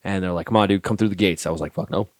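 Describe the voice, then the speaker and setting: Brief: male soldier guest, very deep voice, dry close sound, swears freely while acting out dialogue. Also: very fast, no echo. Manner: profane, animated storyteller acting out dialogue. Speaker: podcast guest, army staff sergeant. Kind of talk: casual storytelling.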